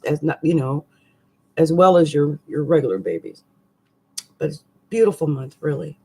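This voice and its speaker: A woman astrologer talking casually through a monthly forecast, chatty and animated, with slangy asides and frequent laughs. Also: fairly low pitch, breathy edge.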